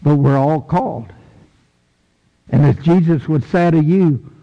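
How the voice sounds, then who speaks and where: A man preaching a sermon in a church, folksy and emphatic, with sudden high bursts for stress. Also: a little slow, long pauses, dull audio. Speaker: pastor. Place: church sanctuary. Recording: long echo of a big hall.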